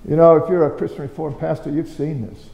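A man's voice: on the high side, fairly even intonation, fast talker, creaky, lo-fi sound. A man preaching a conversational, story-driven sermon, firing off rhetorical questions with sudden emphatic bursts. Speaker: pastor. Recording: roomy with long hall reverb.

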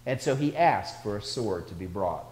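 A man's voice: lowish voice, expressive, normal speed, darkish tone. A man delivering a sermon, telling stories and building his voice up as he goes. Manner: storytelling preacher, builds in volume for anecdotes. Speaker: pastor. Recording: echoey hall.

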